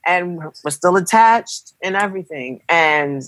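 A young woman casually telling a dramatic personal story, animated and acting out the voices of the people in it. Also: fairly low pitch, measured pace, dry recording. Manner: animated, acts out quoted voices. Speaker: guest telling a birth story.

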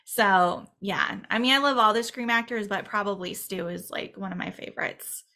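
A young woman co-hosting a podcast, chatting in a lively, casual way with lots of fillers. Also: medium pitch, moderate pace. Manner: animated, chatty, many "like"s. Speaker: podcast co-host. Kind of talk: casual chat.

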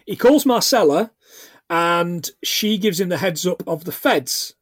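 Man, 40s, podcast co-host: high, bouncy voice, jokey recaps, close and dry. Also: measured pace, no echo. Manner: animated, laughs often, recaps plot with jokey asides. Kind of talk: casual film podcast chat.

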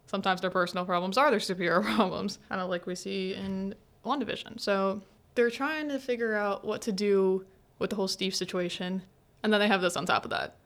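A young woman hosting a student podcast, retelling scenes in a chatty, animated way with lots of filler words and acted-out quotes. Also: mid-range voice. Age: young adult. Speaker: podcast host. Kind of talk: casual solo podcast recap.

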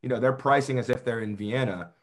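A real estate agent talking business casually over a video call, with frequent restarts. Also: male voice, medium pitch, fast talker. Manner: conversational, hesitant restarts.

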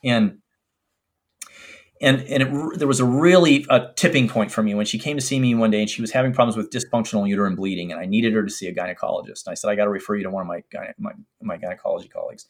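A middle-aged man, a doctor, telling a personal story in an interview in an earnest, reflective, halting way. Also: lowish voice. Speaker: infectious disease doctor.

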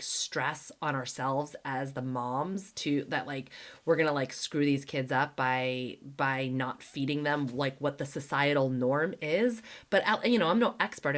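A woman hosting a podcast and chatting casually, with lots of "like" fillers and acted-out quotes as she tells stories. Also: sits low. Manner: chatty, heavy use of "like", acts out quoted dialogue. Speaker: podcast host. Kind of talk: casual conversational storytelling.

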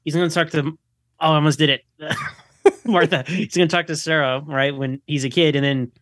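A man who is a guest on a podcast, talking in casual chat. He sounds wry and relaxed and drops in joking asides. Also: on the high side, moderate pace, no echo, studio quality.

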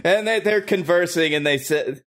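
A man's voice: high-pitched, moderate pace, a bit bright. A man narrating a comedic tabletop game as game master, rambling with lots of fillers. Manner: rambling, hesitant, with many fillers.

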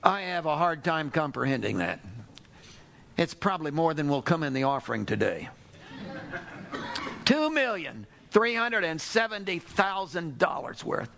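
A man preaching a sermon to a congregation, telling a parable with animated storytelling and acting out the characters. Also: fairly high pitch, unhurried, gravelly. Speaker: pastor.

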